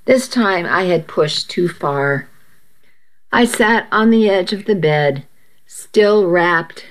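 Woman reading her own story out loud, slow and steady. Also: lowish voice. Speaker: narrator. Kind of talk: first-person story reading.

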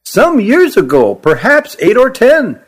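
A man voicing a calm elderly male craftsman in a storybook, with a musical, lilting voice and a measured way of speaking. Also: very high-pitched, slightly rough, pitched above the performer's own voice, exaggerated voice. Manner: measured, turning cool when doubted.

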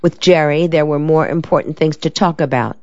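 A woman narrating a novel in a measured, steady storytelling manner. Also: low-pitched, dry recording. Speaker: audiobook narrator. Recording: dull, lo-fi dry recording.

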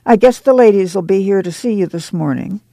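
A man reading the part of a friendly, lean camp manager who talks with easy, chatty warmth. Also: sits high, moderate pace, gravelly, dry recording.

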